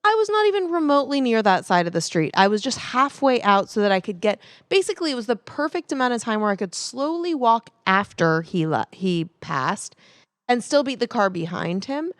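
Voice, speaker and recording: A woman co-hosts a casual comedy podcast, telling her stories animatedly and laughing as she goes. Her voice sits a little high. The close mic gives a dry sound with no room echo. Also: sing-song, brisk. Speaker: podcast co-host.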